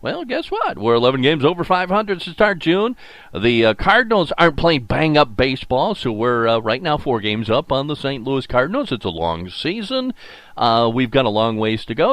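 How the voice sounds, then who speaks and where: Animated older man hosting sports talk. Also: fairly high pitch, a little fast, dry recording. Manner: folksy, rambling, animated with many fillers. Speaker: sports talk show host. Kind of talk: solo sports radio podcast monologue.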